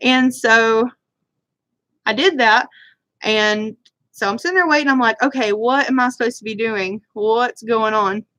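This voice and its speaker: A woman's voice: on the high side, moderate pace, pauses often, fairly bright tone, no room sound. A woman telling a rambling, self-deprecating story in casual chat while doing her makeup on a live stream, with a Southern US accent. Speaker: beauty vlogger. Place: home room, live stream.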